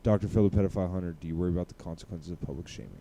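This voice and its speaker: Crude, sarcastic podcast host, deep and mellow. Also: male voice, very fast. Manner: crude, sarcastic, laughing often. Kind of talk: comedic podcast commentary on clips.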